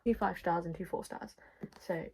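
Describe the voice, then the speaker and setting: A woman's voice: lowish voice, steady tone, normal speed, gravelly, heavy background noise. A woman chatting casually to camera about books, self-deprecating and sometimes dropping into whispered asides. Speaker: book vlogger.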